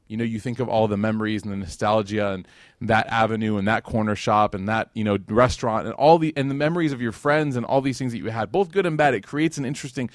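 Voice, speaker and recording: A man's voice: mid-range voice, no echo. Man, 30s, from Chicago, informal lecturer, dry close sound, talks straight to the room. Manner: chatty, uses many fillers like "like" and "you know", asks the audience questions. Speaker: Islamic lecturer. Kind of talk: casual conversational lecture. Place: lecture hall with a live audience.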